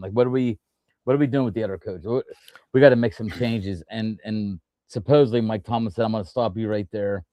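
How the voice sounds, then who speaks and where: A man's voice: on the low side, a little mellow, dry recording. A man hosting a casual sports talk show, rambling through his points with frequent restarts and fillers. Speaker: podcast host.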